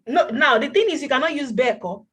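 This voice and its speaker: A woman's voice: high-pitched, expressive, a little fast, over a noisy crowd. A woman teaching an online language class over a video call, encouraging her students and repeating words for them to copy.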